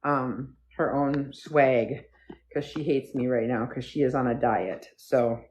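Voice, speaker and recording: Low-voiced woman chatting on a live stream. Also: slow, darkish tone. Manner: rambling, chatty, talks to viewers and her dog. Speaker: livestream host. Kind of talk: casual live stream chat. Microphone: phone livestream.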